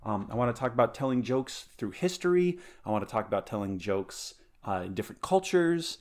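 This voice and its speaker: A man's voice: medium pitch, expressive, brisk. A man hosting a podcast in casual chat, rambling and easygoing, often restarting sentences. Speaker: podcast host.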